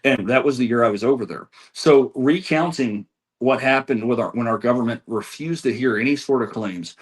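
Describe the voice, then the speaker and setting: A man's voice: mid-range voice, normal speed. A man being interviewed as an election data analyst, reeling off figures with frequent restarts. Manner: rattles off statistics, frequent restarts. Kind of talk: interview answers.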